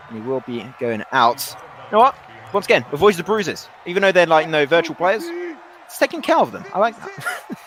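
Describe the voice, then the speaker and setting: Guy calling a video game match, talks fast, rambles n corrects himself, slight hiss. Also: on the high side, a bit bright. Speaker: esports commentator. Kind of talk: play-by-play commentary.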